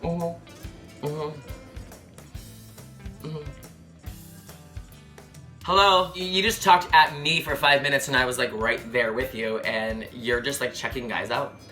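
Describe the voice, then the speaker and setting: A young man telling a comedic dating story to camera, sassy, animated and profane. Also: mid-range voice, moderate pace, faint music behind. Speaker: travel vlogger.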